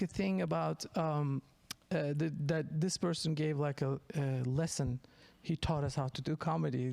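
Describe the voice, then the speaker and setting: A man's voice: a little high, vocal fry, darkish tone, slight background noise. A man, a comedian guest on a podcast, telling stories in a rambling, self-deprecating way with frequent restarts. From Turkey. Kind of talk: casual podcast chat.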